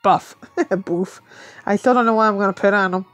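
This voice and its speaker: A woman's voice: medium pitch, fairly even intonation, a little fast, a bit bright, no echo, soft background music. A woman thinking aloud as she plays a mobile game, muttering to herself and laughing often in casual commentary.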